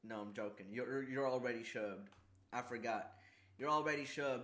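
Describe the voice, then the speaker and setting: A man streaming casually, talking haltingly with a slight lisp from a sore tongue, repeating words and struggling with S sounds. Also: mid-range voice, fairly bright tone. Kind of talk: casual livestream chat.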